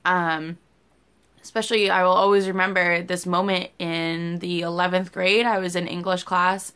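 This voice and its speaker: Young woman vlogger, bright crisp voice, candid and rambling, cusses casually. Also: lowish voice, level tone, moderate pace. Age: young adult. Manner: candid, rambling, swears freely. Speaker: YouTuber. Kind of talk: casual vlog chat.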